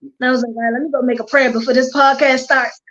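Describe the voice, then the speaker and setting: A woman with a Baltimore accent, a hair stylist guest chatting casually and telling stories with animated quoted dialogue. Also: high voice, quick pace, dull audio. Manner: animated storyteller, quotes herself and others. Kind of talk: casual chat.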